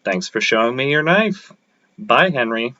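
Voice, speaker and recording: A man's voice: medium pitch, expressive, measured pace, bright, forceful tone, lo-fi sound. A man reading aloud, voicing a playful, teasing young woman who works in his office.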